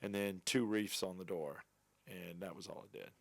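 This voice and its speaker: A man co-hosting a podcast in casual banter, excitable, swinging from loud outbursts to mumbled asides. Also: deep voice, moderate pace, creaky, dry recording. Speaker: podcast co-host.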